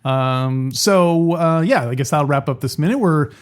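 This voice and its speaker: A man's voice: on the high side, unhurried, smooth. A man co-hosting a podcast in casual chat, making jokes and chuckling through his remarks. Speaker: podcast co-host.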